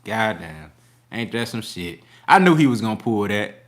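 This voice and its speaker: A man's voice: lowish voice, big pitch swings, moderate pace. A man hosting a casual boxing livestream, reading super chats with slangy, laughing banter.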